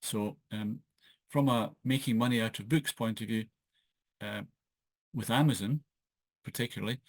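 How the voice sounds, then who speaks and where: Sitting at a wooden desk in his home office, a Scottish man who writes books and hosts his own channel talks hesitantly and casually in a solo podcast. He uses lots of fillers and restarts. The built-in laptop mic gives a dry recording of his lowish voice.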